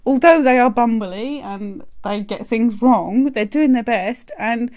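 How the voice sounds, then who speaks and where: A woman with a fairly high voice speaks earnestly, leaning on key words as she argues her point in a relaxed chat. She slows down to stress what she means. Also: dull audio. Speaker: podcast co-host. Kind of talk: casual chat.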